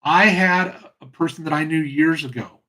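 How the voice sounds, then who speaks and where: A man hosting a reflective solo talk, speaking in an earnest, passionate way with frequent pauses and restarts. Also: on the high side, sharp tone, rough recording. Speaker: host.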